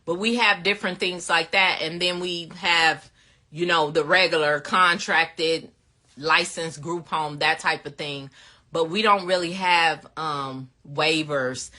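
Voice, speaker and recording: A woman's voice: deep voice, fairly even intonation, unhurried, pushed and bright. A woman hosting a casual livestream, greeting viewers by name and laughing often as she answers their questions. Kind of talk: casual live chat.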